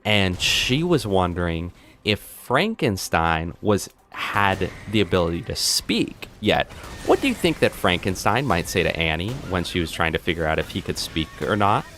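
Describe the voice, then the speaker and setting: A man streaming a game live, telling rambling pun jokes to his chat and bursting into excited reactions. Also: moderate pace, a little hiss or hum. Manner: animated, jumps into high excited outbursts. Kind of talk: live gameplay commentary.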